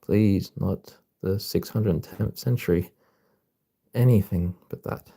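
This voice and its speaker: A man's voice: fairly low pitch, creaky, warm tone, breathy edge, full character voice. A man reading as a pleading, protective parent.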